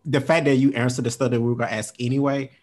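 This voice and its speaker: A man co-hosting a laid-back interview, speaking in an easygoing, reassuring way. His voice has a husky, slightly breathy edge. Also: mid-range voice, flat delivery, rapid-fire, a little mellow. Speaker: co-host. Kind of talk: casual podcast interview.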